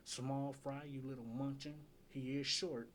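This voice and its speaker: A man's voice: mid-range voice, little pitch movement, a little slow, slight background noise. A man hosting a casual breakdown of rap battle lyrics, repeating lines and asking "get it?" as he explains each joke.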